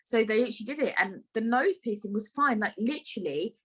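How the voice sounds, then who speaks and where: Woman hosting a podcast, chatty and animated, swears a lot. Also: mid-range voice, quick pace, hardly any pauses, husky, rough recording. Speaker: podcast host. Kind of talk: casual chat.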